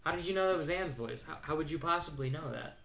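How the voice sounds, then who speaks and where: A man commentating on a game he is playing, profane and self-mocking, with loud outbursts. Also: on the high side, quick pace, creaky. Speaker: gaming channel host. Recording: roomy with faint noise.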